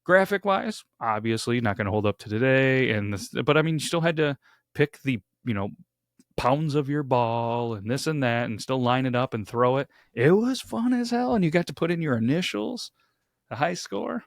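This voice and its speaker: A man's voice: mid-range voice, lively intonation, normal speed, no echo, clean studio sound. A man co-hosting a podcast, chatting casually and imitating sounds as he describes things. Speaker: podcast co-host. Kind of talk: casual chat.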